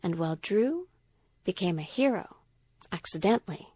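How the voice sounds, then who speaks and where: A woman telling a rhyming story in a gentle, sing-song way. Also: fairly low pitch, lively intonation, moderate pace.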